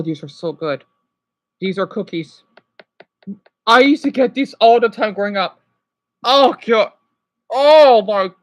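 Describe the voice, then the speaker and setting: A woman's voice: on the high side, no echo. A woman in her thirties chatting casually on a live stream, reacting to a video and greeting viewers by name. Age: 30s.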